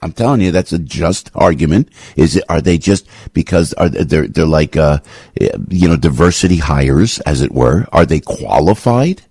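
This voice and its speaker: A man hosting a talk radio show, delivering a rambling, impassioned opinion monologue full of restarts and sudden jumps in pitch. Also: animated, moderate pace, darkish tone, husky, dry recording.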